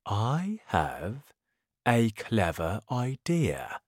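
A woman doing a sly, slow-talking crocodile. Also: rumbling low, wildly swooping pitch, darkish tone, husky, dry recording, studio quality, heavily acted. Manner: slow, drawn-out, menacing. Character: greedy sly male crocodile, low and slow.

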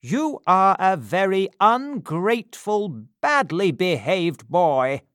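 A man's voice: on the high side, animated, slow, smooth, dry recording, studio quality. Mister Bumble, a man doing a blustering official. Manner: loud, blustering. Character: blustering bossy workhouse official, middle-aged man.

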